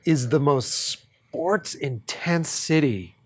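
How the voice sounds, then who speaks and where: Fairly high-voiced man from Boston. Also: animated, takes it slowly. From Boston, USA. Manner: rambling, swears freely, laughs through his stories. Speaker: podcast host. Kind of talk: casual podcast storytelling.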